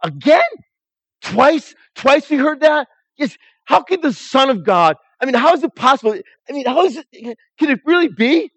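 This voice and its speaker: A man voicing an anxious, excited disciple who keeps asking astonished questions in a high, rising voice. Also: normal speed, gravelly, slightly rough, no echo, exaggerated voice. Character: anxious excited male disciple, grieving and doubtful.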